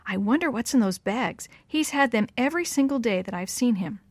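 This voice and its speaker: A woman's voice: a little high, expressive, brisk, husky, no echo. A woman voicing a curious, matter-of-fact thirteen-year-old girl in a storybook reading.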